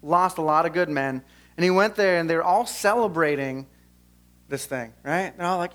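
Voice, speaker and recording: A man's voice: fairly high pitch, moderate pace. A young man preaching earnestly at a church service, chatting casually with the congregation and then leading a prayer. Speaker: pastor. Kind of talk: sermon and closing prayer. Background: soft guitar music.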